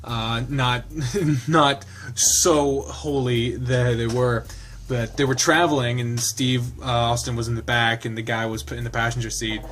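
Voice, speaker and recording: Male game streamer, narrates the visual novel aloud, halting commentary with frequent laughs. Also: mid-range voice, flat delivery, fairly bright tone, slight background noise.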